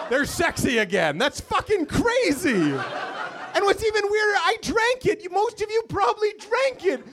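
High-voiced man doing loud stand-up. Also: noisy background. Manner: loud, swings from shouting to low mumbling. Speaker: stand-up comedian. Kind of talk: stand-up set. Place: comedy club with live audience. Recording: live crowd laughing. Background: audience laughter.

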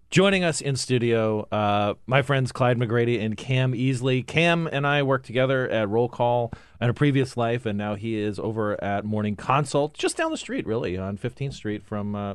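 A man's voice: mid-range voice, lively intonation, clean tone, dry recording. A man guest-hosting a political talk show in the studio, chatting casually with lots of restarts and fillers. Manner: halting, many restarts and fillers. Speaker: guest host. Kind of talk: casual podcast chat. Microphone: studio mic.

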